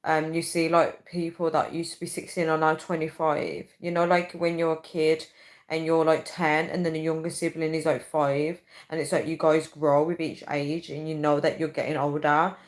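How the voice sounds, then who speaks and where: A woman's voice: low voice, level tone, moderate pace, low-quality recording. A woman in her thirties hosting a casual livestream, rambling chattily and often calling her viewers "guys.". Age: 30s. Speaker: livestream host.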